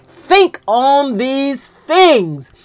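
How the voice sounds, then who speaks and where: A woman preaching a sermon in a fervent, emotional way, with folksy church talk and excited peaks. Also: sits high, drawn-out words.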